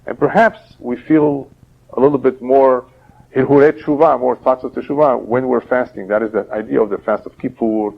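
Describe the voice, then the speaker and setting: A man, a rabbi, giving a religious lecture and teaching through parables in a steady, explaining way. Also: medium pitch, moderate pace, gravelly. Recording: dull lo-fi older audio.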